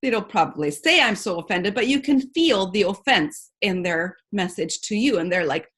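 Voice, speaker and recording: A woman's voice: mid-range voice, normal speed, breathy edge. A woman hosts a casual book-discussion podcast in a mid-range voice. She talks with enthusiasm, often acting out what other people say. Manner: enthusiastic, animated with quoted voices. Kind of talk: casual podcast chat and reading aloud.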